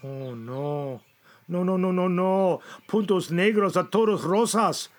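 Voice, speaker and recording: A man's voice: sits high, measured pace. A man performing a comedic gardener, who mutters to himself anxiously and talks fondly to his plants. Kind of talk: comedy sketch monologue.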